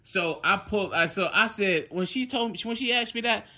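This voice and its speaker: A young man, telling a casual story at home, animated, laughing often and swearing freely. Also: sits high, fairly quick. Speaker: vlogger.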